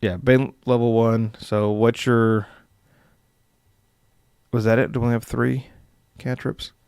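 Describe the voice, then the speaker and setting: A man's voice: medium pitch, little pitch movement, measured pace, vocal fry, darkish tone, clear, resonant tone, no room sound, clean studio sound. A young man casually hosting a live stream as dungeon master, rambling with filler words and chuckling as he reads viewer comments.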